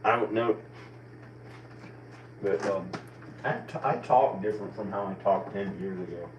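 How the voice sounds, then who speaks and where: Low-voiced guy in his 40s, country accent, rambling and second-guessing himself, far from the mic with faint hiss. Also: unhurried, muffled recording. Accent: American country. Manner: meandering, self-questioning, many restarts. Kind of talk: rambling personal monologue. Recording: distant mic with faint background noise.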